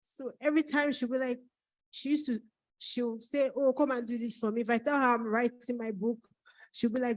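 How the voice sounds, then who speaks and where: A woman's voice: fairly high pitch, steady tone, normal speed, no echo, low-quality recording. A woman from Nigeria, an author giving an emotional thank-you speech at her book launch, fighting back tears. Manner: tearful, holding back crying.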